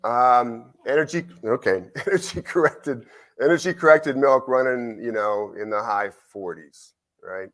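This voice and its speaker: Animated man lecturing at a conference. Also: mid-range voice, a little slow. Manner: animated, conversational, frequent "right?" tag questions. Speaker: university researcher presenting. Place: conference symposium.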